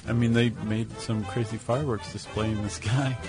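A man's voice: on the low side, fairly even intonation, a little fast, over music. A man co-hosting a podcast, bantering in a friendly, wry way. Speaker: podcast co-host. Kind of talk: casual podcast chat.

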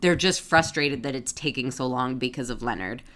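A woman with a low-pitched voice talks casually as a podcast co-host. She recaps a TV episode in a chatty way, full of "like" and "yeah". She agrees often and keeps the talk relaxed. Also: moderate pace. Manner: chatty, lots of filler words and agreement.

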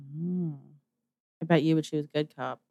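A co-host from Canada in a casual game review chat, teasing and wry in a deadpan way. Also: mid-range voice, a little slow, no echo, clean studio sound. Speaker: podcast co-host reviewing games.

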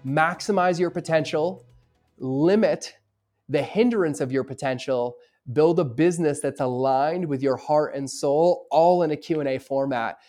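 A man's voice: fairly high pitch, unhurried, mellow, soft background music. A man hosting a solo podcast from his home studio, talking casually in an upbeat, motivational way. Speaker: podcast host.

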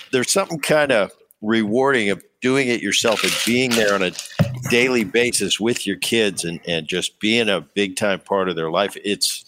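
Male podcast host, fairly low voice, relaxed chatty interviewer. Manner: easygoing, chatty, stumbles over words. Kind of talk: casual interview chat.

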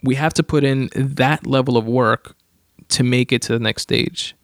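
A man's voice: mid-range voice, fairly even intonation, normal speed, vocal fry, no room sound, studio quality. A young man with a full-time job talking casually through self-help advice, rambling with many restarts and fillers. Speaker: podcast host reading his own writing.

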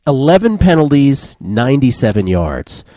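A man hosting a sports betting podcast, brisk and wry as he leads the picks. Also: medium pitch, sing-song, mellow, dry recording. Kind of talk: casual sports betting talk.

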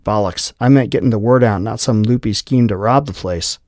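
A man's voice: lowish voice, fairly quick, a little mellow, dry recording, studio quality, natural voice. A man voicing a nervous, defiant male security guard who curses in exasperation. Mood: panicked. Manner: exasperated, cursing.

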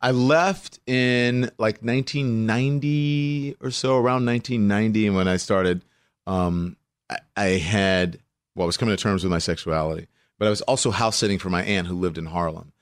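A man with a low voice and a mild Louisiana accent, talking as a guest in a relaxed interview. He tells his stories with animation and acts out the voices of the people in them. The sound is close and dry. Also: normal speed, no room sound. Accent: Louisiana Southern, mild. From Louisiana, USA. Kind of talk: casual interview chat.

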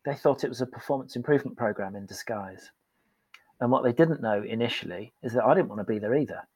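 A man's voice: medium pitch, fast talker, darkish tone, breathy edge, rough recording. A man telling a candid, self-deprecating story as a guest in a casual podcast interview. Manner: candid and self-deprecating, acts out quoted voices.

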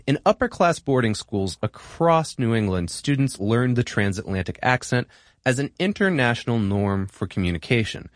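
A man hosting an explainer podcast, reading a script in a lively, playful way. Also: fairly low pitch, no room sound, clean studio sound. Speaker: podcast host. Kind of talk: scripted narration.

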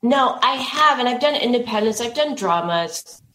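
A woman's voice: on the high side, animated, moderate pace, a bit bright, roomy sound, a little hiss or hum, low-quality recording. A woman, an actress, chatting as a podcast guest in a bubbly, chatty way with frequent restarts. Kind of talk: casual interview chat. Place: remote interview over internet.

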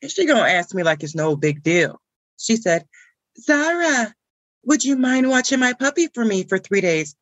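A woman's voice: fairly high pitch, very animated, moderate pace, a bit bright, no echo. A woman performing a comic monologue as a frazzled woman stuck watching a wild puppy, telling it with indignant exclamations. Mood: exasperated.

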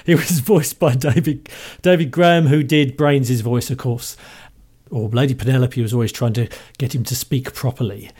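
A man's voice: mid-range voice, steady tone, moderate pace, a little mellow, breathy edge. A man with a Cockney accent hosting a show, talking in a chatty, amused, fond way. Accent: London Cockney. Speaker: podcast host. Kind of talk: casual enthusiastic commentary.

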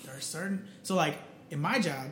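A man co-hosting a podcast in casual chat, animated and swearing freely. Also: a little high, moderate pace, roomy sound, slight background noise. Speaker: podcast co-host.

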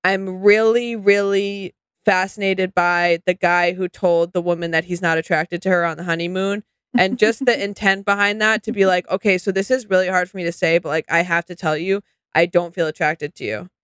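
A woman's voice: fairly low pitch, steady tone, normal speed, a bit bright, clean tone, no echo. A woman co-hosting a podcast, rambling enthusiastically in casual chat about reality TV. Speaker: podcast co-host.

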